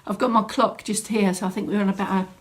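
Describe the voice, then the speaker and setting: A woman's voice: medium pitch, steady tone, fast talker. A woman fitness instructor, chatting and greeting viewers by name at the start of a live online exercise class from a home room. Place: home room set up as studio.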